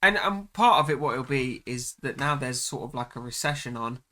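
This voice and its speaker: A man's voice: medium pitch, expressive, a little fast, sharp tone. A young man from England chatting casually on a podcast, laughing often and adding trailing asides. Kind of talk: casual chat.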